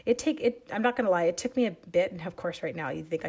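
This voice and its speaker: A woman's voice: mid-range voice, expressive, fast, few pauses, darkish tone, breathy edge. A middle-aged woman with a Canadian accent, feeling sick and coughing as she leads a live stamping demo, rambling through chatty side stories. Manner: chatty, rambling, self-interrupting. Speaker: stamping demonstrator.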